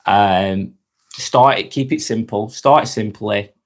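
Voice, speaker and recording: This fairly low-pitched, slow-paced man hails from Lancashire, Northwest England, and carries a Northern English accent. He runs an easygoing live stream, voicing viewers' comments and replying, with frequent verbal stumbles and phrases that drift off into quiet.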